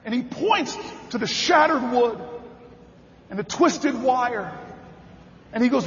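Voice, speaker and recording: High-voiced man giving an impassioned speech. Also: animated, slow, long pauses, fairly bright tone. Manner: storytelling, building to rally cries. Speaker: politician giving a convention speech. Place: large convention hall. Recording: reverberant hall, dull sound.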